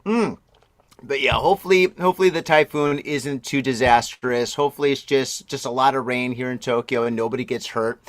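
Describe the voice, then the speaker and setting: A man in his forties hosting a podcast in a rambling, chatty way, exclaiming and laughing often, his voice a bit deeper while he recovers from strep throat. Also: brisk, dry recording, studio quality. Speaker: podcast host. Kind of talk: casual podcast chat.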